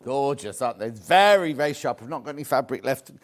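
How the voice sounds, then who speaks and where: British male shopping-channel host, lively banter, keeps repeating the price. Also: medium pitch, fast talker. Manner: chatty, jokey, repeats prices. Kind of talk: live TV sales pitch. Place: TV studio.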